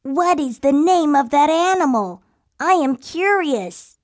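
A curious, headstrong older boy frog in a children's storybook, voiced by a woman. He speaks slowly in a high, playful voice and keeps insisting on one more adventure. The sound is close and dry. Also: expressive, no echo. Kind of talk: storybook acting.

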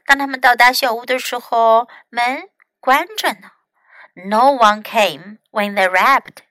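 Slow, bright-voiced woman teacher. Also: a little high, no echo. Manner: slow, clear, careful reading. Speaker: English teacher. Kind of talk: bilingual storybook reading.

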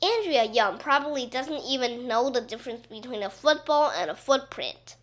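Woman, children's storybook reading, playful, high voice, lively pitch. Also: moderate pace. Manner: animated, playful, voicing a boy narrator. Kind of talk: expressive storybook read-aloud.

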